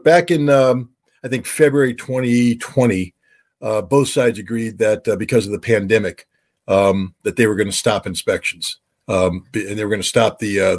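Husky-voiced former weapons inspector. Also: male voice, lowish voice. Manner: halting with many fillers, lively when quoting others. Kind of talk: expert commentary.

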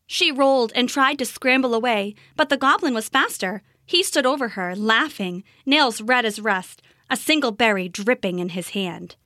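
A woman narrating a storybook in an expressive, measured way. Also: on the high side, dry recording, studio quality. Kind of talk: storybook reading.

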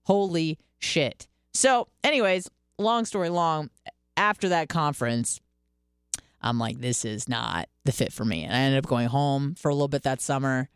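A woman in her twenties hosting a radio podcast, telling candid stories in a casual, profane, animated way. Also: rumbling low, normal speed, clean tone, dry recording, clean studio sound. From Michigan, US. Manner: candid, profane, animated storytelling with quoted self-talk. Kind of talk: casual monologue.

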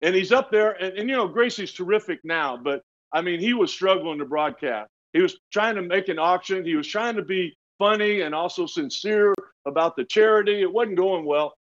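A man in his sixties spins animated anecdotes in a slightly raised voice, laughing often and stumbling over his words as he restarts. The sound is dull and lo-fi. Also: sits high, normal speed. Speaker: retired pitcher, guest. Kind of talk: storytelling in casual interview.

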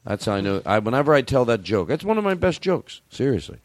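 Rambling, animated male comedian host. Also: mid-range voice, quick pace, no echo. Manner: rambling, animated, self-interrupting. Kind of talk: casual comedic storytelling.

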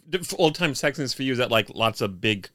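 A man's voice: medium pitch, lively intonation, fast talker, fairly bright tone. A man co-hosting a casual film review chat, dry and teasing. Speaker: podcast co-host.

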